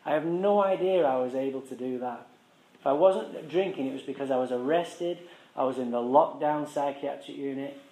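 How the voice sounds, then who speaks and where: A man's voice: medium pitch, normal speed, mellow, roomy sound, rough recording. A man frankly telling his recovery story to a live audience, swearing and joking wryly. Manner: frank, profane, wry, conversational.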